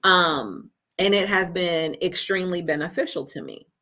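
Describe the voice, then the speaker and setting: A woman coach talks from her home office in a low, bright, forceful voice. She tells her story earnestly, stopping often to ask "right?". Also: lively intonation, normal speed. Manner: storytelling, earnest, with frequent "right?" check-ins. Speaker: life coach guest. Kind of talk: conversational interview.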